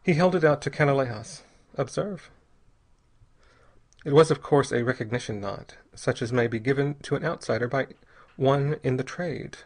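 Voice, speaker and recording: A man narrating an audiobook chapter in a steady, even reading voice. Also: mid-range voice, brisk, few pauses. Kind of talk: scripted narration.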